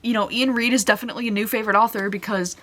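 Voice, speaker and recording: A woman's voice: fairly high pitch, fairly even intonation, racing, a bit bright, a little hiss or hum. A young woman reviewing a book on her vlog in casual chat, emotional and gushing, with a lot of "like" fillers. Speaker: book vlogger.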